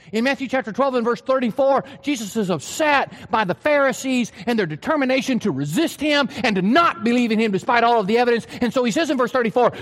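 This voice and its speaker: A man's voice: extremely high pitch, fairly bright tone, in a large hall. A man preaching a sermon, emphatic and full of questions to his listeners. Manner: emphatic, asks the hearers questions.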